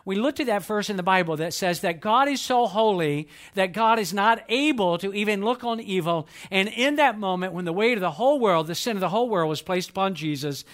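A middle-aged man delivers a Sunday sermon with a fairly high voice. He tells stories earnestly and slows right down when he quotes scripture. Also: animated, fairly bright tone. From Georgia, US. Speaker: pastor.

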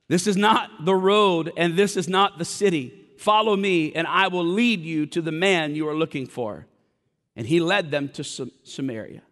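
High-voiced pastor preaching in a reverberant hall. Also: male voice, a bit bright. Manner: storytelling, dramatic retelling with voiced quotes. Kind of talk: sermon.

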